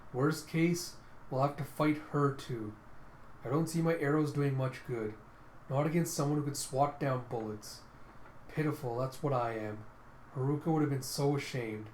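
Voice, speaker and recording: A man's voice: mid-range voice, moderate pace, a little mellow, slight background noise, close to an everyday voice. A man voicing a humble young male archer who speaks in a subdued, earnest way. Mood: worried. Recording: echoey room.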